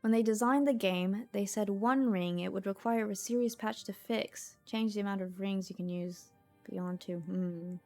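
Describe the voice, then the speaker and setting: A woman's voice: medium pitch, moderate pace, a little mellow. A woman streamer giving casual gameplay commentary, thinking aloud to herself in a chatty way and laughing easily. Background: faint music.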